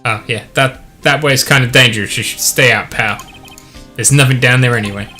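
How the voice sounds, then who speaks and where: A scruffy, good-natured video game detective who calls everyone pal and buddy, as a man puts him on. The voice is bright and forceful, with a folksy, easygoing delivery. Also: medium pitch, normal speed, faint music behind, close to an everyday voice. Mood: gruff friendly.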